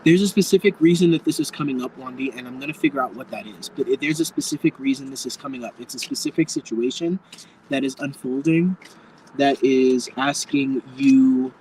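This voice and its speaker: A man's voice: mid-range voice, a little fast, a little mellow, slight background noise, low-quality recording. A man giving a live tarot reading to viewers, speaking frankly and campily, calling people darling and swearing freely. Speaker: tarot reader.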